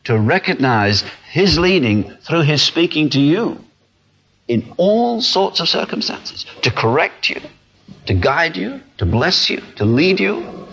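A male preacher, earnest and animated as he acts out the little voices in people's heads. His husky voice rises and falls widely. The recording is dull and lo-fi. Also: on the high side, slow pace. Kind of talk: sermon. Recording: dull lo-fi sound.

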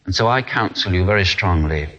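A man's voice: low-pitched, a little fast. A man preaching a sermon in an earnest way, acting out the small voices people hear in their heads. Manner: earnest, animated, acts out inner voices. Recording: dull lo-fi sound.

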